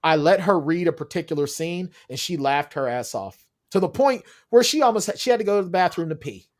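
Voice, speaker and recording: A man's voice: on the high side, a little fast. A man on a video call as an author guest in casual chat, telling stories with energy and acting out the people he quotes. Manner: animated storyteller, acts out quotes.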